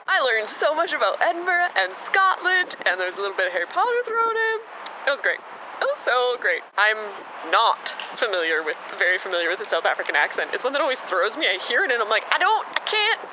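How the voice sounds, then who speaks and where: A young woman vlogging casually as she travels, chatty and upbeat with self-deprecating asides. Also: medium pitch. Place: city streets, outdoors. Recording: clear urban street noise with traffic.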